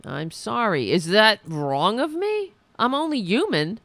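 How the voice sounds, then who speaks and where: Gravelly, lively, sarcastic woman host. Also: mid-range voice, measured pace, hardly any pauses, no room sound. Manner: sarcastic, mocking, reads viewer comments aloud. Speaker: podcast host. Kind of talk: livestream political commentary.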